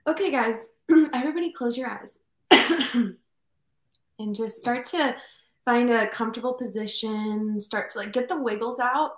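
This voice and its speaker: A woman leading a guided meditation in a soft, slow, soothing voice over a video call. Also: on the high side, roomy sound, rough recording. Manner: soft, slow and soothing, speaks softer as it goes.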